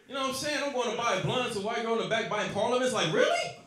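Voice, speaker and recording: A man's voice: very high voice, big pitch swings, fast, noisy background. A man from Los Angeles, telling profane, rowdy stories in a stand-up set. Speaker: stand-up comedian. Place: comedy club stage. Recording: echoey club with crowd laughter. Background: audience laughing.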